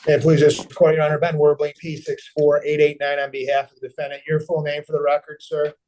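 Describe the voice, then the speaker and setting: A man's voice: on the high side, monotone, quick pace, a little mellow. A man acting as defense attorney in a virtual courtroom, speaking in formal, formulaic and polite courtroom language. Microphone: video call.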